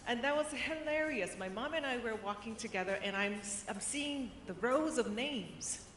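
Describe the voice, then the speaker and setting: Bright-voiced woman telling stories on stage. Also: fairly high pitch, normal speed, slight background noise. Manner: animated, chatty, acts out quoted people. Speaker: keynote speaker. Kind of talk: conference keynote storytelling. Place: large conference hall. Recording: roomy hall reverb.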